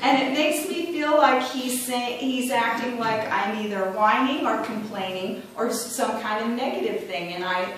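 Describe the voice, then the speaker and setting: A woman's voice: on the high side, normal speed, few pauses, slight background noise. A middle-aged woman giving a chatty, informal talk to a class and acting out the voices she quotes. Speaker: class speaker. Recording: echoey room, mic at a distance.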